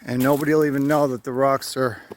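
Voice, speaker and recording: A man's voice: mid-range voice, little pitch movement, fast talker, slight background noise. A man vlogging a solo hike outdoors, talking to himself with wry, chatty asides and winded from walking. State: out of breath. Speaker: hiking vlogger. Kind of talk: rambling solo trail vlog. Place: wooded hiking trail outdoors.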